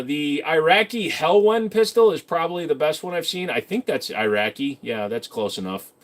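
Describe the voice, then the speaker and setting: A man's voice: a little high, expressive, moderate pace, few pauses. A man hosting a casual livestream, reading out chat questions and answering them with loose, self-mocking jokes and detailed know-how. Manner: knowledgeable about handguns, explains in detail.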